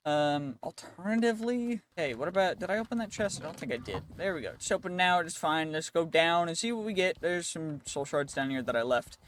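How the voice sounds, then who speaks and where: A man giving chatty gameplay commentary as a channel host, thinking aloud and reacting quickly to what happens on screen. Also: fairly high pitch. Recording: voice over background music. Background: background music.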